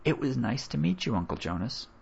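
A man's voice: medium pitch, big pitch swings, brisk, creaky, muffled recording, a little hiss or hum, pitched above the performer's own voice. A man voicing a polite, curious young boy in a read-aloud story. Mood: earnest.

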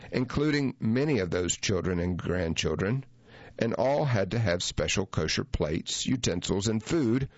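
A man with a very low voice reads a memoir as an audiobook, measured and reflective in his delivery. The recording is close and dry, with a slightly dull, muffled tone to it. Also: dry recording. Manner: measured, reflective first-person reading. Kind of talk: audiobook narration of a memoir essay.

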